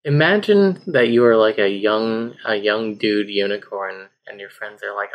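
A man's voice: medium pitch, unhurried, vocal fry, few pauses. A man chatting casually as a podcast guest, joking and swearing freely.

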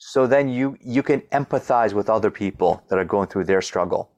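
A man's voice: lowish voice, moderate pace. Man with a stutter, explaining eagerly. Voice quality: stutters, repeating opening sounds. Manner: explains with demonstrations, energetic. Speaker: guest coach. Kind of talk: conversational interview.

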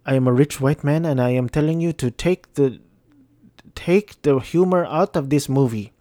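A man's voice: medium pitch, moderate pace, dark tone, no echo, lightly acted. A man voicing a rich studio boss with an odd put-on accent, giving orders. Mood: bossy.

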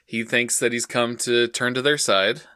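Bright-voiced man chatting, dry sound. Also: mid-range voice, fairly even intonation, moderate pace, clean tone, no echo. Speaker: podcast co-host. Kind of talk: casual anime recap chat.

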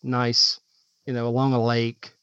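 A man's voice: medium pitch, monotone, unhurried, a bit bright, clear, resonant tone, no echo. A man co-hosting a podcast in casual chat, rambling and searching for his words. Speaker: podcast co-host. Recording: dull, dry lo-fi podcast audio.

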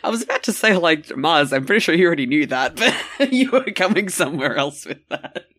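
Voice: mid-range voice, sing-song, brisk, fairly bright tone, no echo. Podcast co-host, joking casual chat, laughs a lot, dry close recording. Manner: joking, laughs often, swears.

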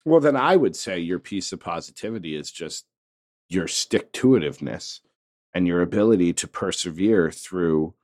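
A man hosting a podcast, relaxed and easygoing as he keeps the conversation moving. His voice rises and falls with lively pitch. He sounds comfortable at the mic. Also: normal speed, no room sound. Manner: easygoing, wraps up the show. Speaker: podcast host. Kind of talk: casual podcast chat.

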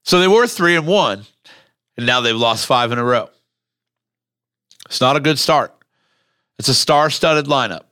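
A male podcast host in casual, animated chat, blunt and quick to swear. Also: mid-range voice, dry recording, clean studio sound.

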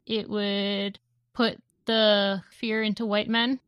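A woman co-hosting a comic podcast, giggling and gushing between loose, profane remarks. Her voice is bright and smooth, a little high, and she speaks slowly. The sound is dry and close. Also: little pitch movement, dry recording. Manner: giggly, enthusiastic, swears freely. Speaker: comic book podcast co-host. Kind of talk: casual chat.

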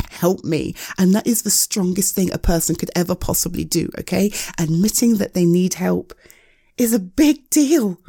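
A young woman in a one-sided audio role-play as a caring partner, gentle and soothing with hesitant pauses, close to the mic. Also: medium pitch, gravelly, no echo.

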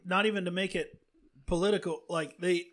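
Easygoing guy talking on a podcast, slightly higher voice. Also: steady tone, normal speed, vocal fry. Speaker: podcast co-host. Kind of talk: casual chat.

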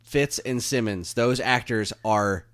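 A man co-hosting a casual podcast about television, talking in an animated, rambling way with many restarts. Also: mid-range voice, slow. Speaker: podcast co-host. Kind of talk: casual chat.

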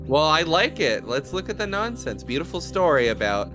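A man's voice: fairly high pitch, very animated, moderate pace, hardly any pauses. Rambling podcast guy over music. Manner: rambling, self-deprecating, easily amazed. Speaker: podcast co-host. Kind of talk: casual chat while watching a game.

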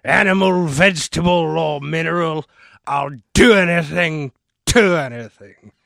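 A man's voice: a little high, unhurried, vocal fry, fairly bright tone, no echo, studio quality, pitched above the performer's own voice. A man putting on the voice of a pompous, lecherous old male bishop as a comic impression, drawing out his words. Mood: leering.

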